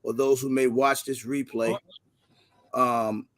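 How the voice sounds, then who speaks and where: A man hosting a casual livestream, giving energetic slangy shout-outs to viewers by name. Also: mid-range voice, takes it slowly. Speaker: livestream host.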